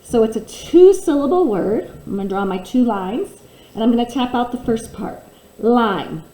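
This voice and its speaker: A woman teaching a phonics lesson to children, slowly and clearly sounding out letters and words. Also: a little high, very animated, dark tone. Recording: echoey room.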